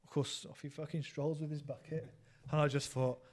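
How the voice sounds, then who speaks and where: A man's voice: fairly high pitch, flat delivery, a little fast, a little mellow. A man with an English accent telling rambling, laughing anecdotes in casual chat, swearing freely. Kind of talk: casual storytelling banter.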